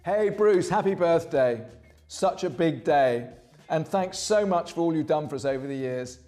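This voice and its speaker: Guy gushing a birthday hello, soft mellow tone. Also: fairly high pitch, lively intonation, moderate pace, soft background music. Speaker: event organizer sending greetings. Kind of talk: birthday video message.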